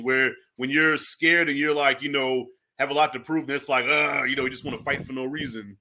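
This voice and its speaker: A man's voice: medium pitch, fairly even intonation, quick pace, few pauses, sharp tone. A man on a movie review panel chatting casually, agreeing often and swearing freely. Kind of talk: casual chat.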